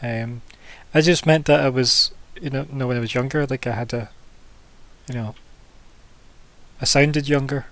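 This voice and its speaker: A man narrating as game master of a tabletop game, talking haltingly and restarting often. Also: medium pitch, a bit bright, no room sound.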